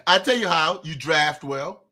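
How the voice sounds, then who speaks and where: A man's voice: on the high side, bright, forceful tone, a little hiss or hum. A man co-hosting a sports talk show, arguing emphatically and repeating words as he gets going. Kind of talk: casual sports debate.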